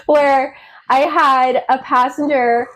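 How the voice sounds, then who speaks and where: A woman's voice: sits high, fairly bright tone, rough recording. A woman co-hosting a podcast as a former flight attendant, retelling movie scenes in casual chat and laughing often.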